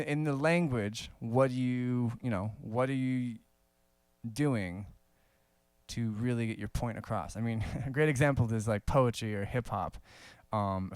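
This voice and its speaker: Smooth-voiced man teaching casually. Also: on the low side, no room sound. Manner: relaxed, conversational, many fillers and little laughs. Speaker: saxophone teacher. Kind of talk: casual video lesson.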